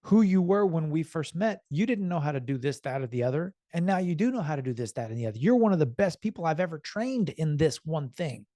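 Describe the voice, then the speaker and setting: This motivational vlogger talks to the camera fairly quickly and with few pauses, his voice on the high side in a studio-quality recording with no echo. Earnest and animated, he tells a story and puts on voices for the people involved.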